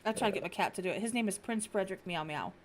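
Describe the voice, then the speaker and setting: A woman's voice: medium pitch, racing, a little hiss or hum. A woman in her thirties, hosting a podcast, telling stories in casual chat and swearing freely. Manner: animated storyteller, swears freely. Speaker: podcast host.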